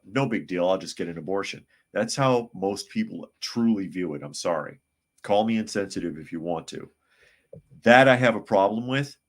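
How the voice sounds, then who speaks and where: A man hosting a live podcast, reading chat comments aloud and giving blunt, sarcastic opinions. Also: deep voice. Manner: blunt, sarcastic, mocks others in put-on voices.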